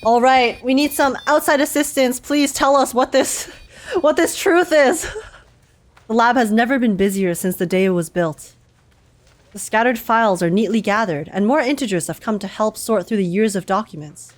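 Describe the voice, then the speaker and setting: A woman's voice: medium pitch, fairly quick. A woman streamer reacting to a story game, gushing, giggling, and reading the story aloud.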